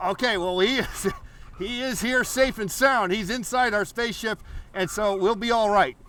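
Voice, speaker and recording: Man, painting show host, high voice, rambling, playful, live call-in. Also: normal speed, sharp tone. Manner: rambling, playful, many fillers and restarts.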